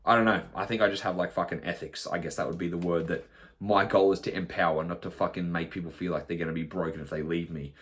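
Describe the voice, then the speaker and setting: A man, a nutrition coach, talking bluntly in a podcast monologue, swearing often and mimicking clients in quick asides. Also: low voice, steady tone, fairly bright tone.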